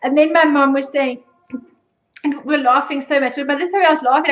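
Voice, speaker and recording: A woman's voice: high-pitched, fairly even intonation, moderate pace, roomy sound, dull audio. A South African woman hosting a podcast, chatting casually and mocking herself with frequent laughter. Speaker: podcast host. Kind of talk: casual chat.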